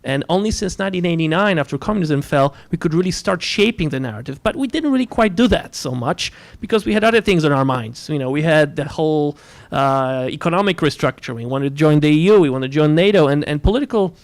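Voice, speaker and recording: A man from Poland, a diplomat guest, answering in a panel talk in a measured way with many fillers. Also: on the high side, lively intonation. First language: Polish.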